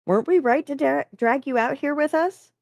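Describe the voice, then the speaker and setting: A woman's voice: high voice, moderate pace, creaky, no room sound, studio quality, voice pushed up. Woman doing a teasing picnic companion.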